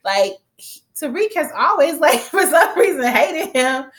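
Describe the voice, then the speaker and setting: Woman vlogger, stuffy-nosed, casual and animated recap delivery, curses freely. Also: high-pitched, measured pace. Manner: chatty, animated, swears freely, quotes characters. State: stuffy nose from allergies.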